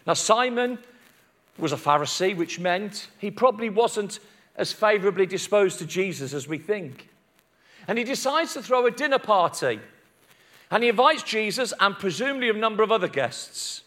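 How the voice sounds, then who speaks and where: A middle-aged man preaching a sermon, telling a story with big dramatic swings between loud and hushed, with self-deprecating asides. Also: high-pitched, very animated, moderate pace. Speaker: pastor.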